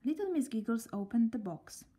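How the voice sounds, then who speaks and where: A woman reading a children's story aloud in a gentle voice, often dropping near a whisper. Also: on the high side, big pitch swings, normal speed, breathy edge.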